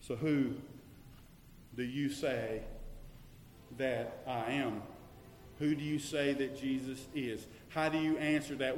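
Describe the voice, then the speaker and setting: A man preaching a sermon, swinging from loud declarations to hushed, searching questions. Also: mid-range voice, fairly even intonation, slow, long pauses, slight background noise. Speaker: pastor. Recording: echoey hall with long reverb.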